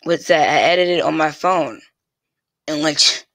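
A man's voice: a little high, sharp tone, dry recording. A male vlogger talking casually to his viewers, stumbling and repeating phrases over and over before finishing a thought. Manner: halting, restarts and repeats phrases constantly. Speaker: YouTube vlogger. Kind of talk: casual rambling vlog talk. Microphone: desk mic with pop filter.

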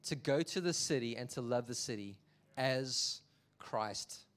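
A man preaching a sermon as a pastor, telling the story in an animated, jokey way. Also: medium pitch, a little slow.

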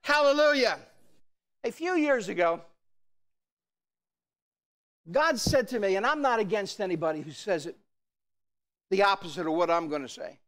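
High-voiced preaching man, emphatic. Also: expressive, normal speed, pauses often. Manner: emphatic preaching that swells into shouts. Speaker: pastor. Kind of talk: sermon. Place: church.

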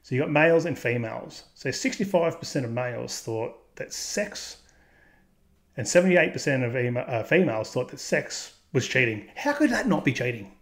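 A man hosts casual commentary reacting to posts, speaking bluntly and crudely and laughing at his own jokes. His mid-range voice is very animated, and he talks at a normal speed.

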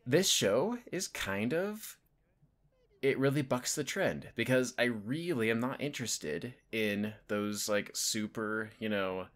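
Young man, video host, casual commentary, rambling, filler words, swooping pitch. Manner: rambling, full of "like" and "you know", lively pitch swings.

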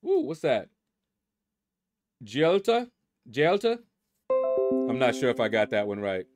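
A man's voice: lowish voice, big pitch swings, normal speed, a little mellow, soft background music. A middle-aged man hosting a gaming channel, casually reading out leaderboard names and musing aloud as he stumbles over them.

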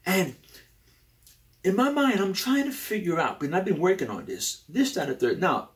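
A young adult man hosting a casual talk about personality types, animated and rambling, often restarting his sentences. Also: moderate pace. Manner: animated and rambling, with many restarts and sudden jumps in pitch. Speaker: host.

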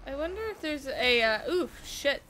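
A woman commentating her gameplay casually, excitable and quick to yelp and swear when she panics. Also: high-pitched, a little hiss or hum. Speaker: gamer streamer.

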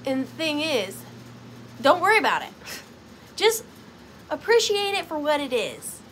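A young woman runs a casual home sale of vintage finds. Her voice sits high and bounces all over the place, bubbly and playful. A faint hiss of room noise lies underneath. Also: very animated, unhurried, a bit bright. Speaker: online vintage seller. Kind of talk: casual live sale chat.

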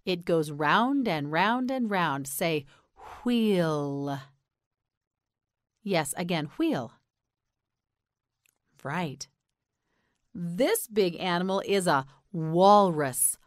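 American woman teacher drilling words super slow, lowish voice, patient. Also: sing-song, dry recording, clean studio sound. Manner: slow, carefully enunciated, patient prompting. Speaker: English pronunciation teacher. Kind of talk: slow repeat-after-me pronunciation drill.

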